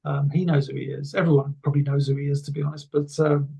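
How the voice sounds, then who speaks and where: A man's voice: a little high, level tone, quick pace, gravelly, dark tone, husky. A man being interviewed, telling stories in a rambling, enthusiastic way with many restarts. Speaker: interview guest. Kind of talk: casual conversation.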